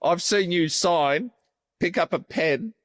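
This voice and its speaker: A man's voice: high-pitched, slow pace, a bit bright, no echo, studio quality. A middle-aged Australian man chatting on a cricket podcast, matter-of-fact and teasing his mates. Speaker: podcast co-host, former fast bowler. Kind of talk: casual banter.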